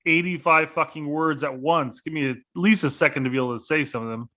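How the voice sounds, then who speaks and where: A man's voice: a little high, fast, bright, forceful tone. A man co-hosting a casual soccer podcast, rambling and thinking aloud as he talks through lineups. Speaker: podcast co-host.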